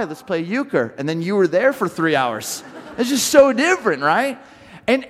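Man, pastor, sermon, animated storytelling, stumbling restarts, slightly high voice, long hall reverb. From Southern California.

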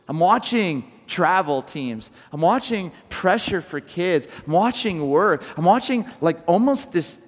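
A man from Southern California preaching a sermon, telling stories in an animated way and often restarting his sentences. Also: on the high side, in a large hall. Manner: animated storytelling with repeated restarts. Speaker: pastor.

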